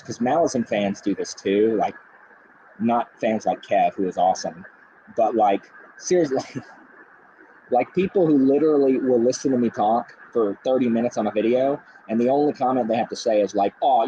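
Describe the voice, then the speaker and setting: A man hosting a casual book chat, talking in animated, ranting bursts with faint background noise. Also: mid-range voice, poor audio. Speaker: booktube host. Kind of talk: casual chat on a group video call.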